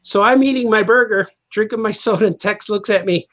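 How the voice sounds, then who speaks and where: A man's voice: high-pitched, fairly quick, fairly bright tone. A man, a cartoonist guest on a podcast, telling a casual anecdote, laughing often and acting out the people in his story.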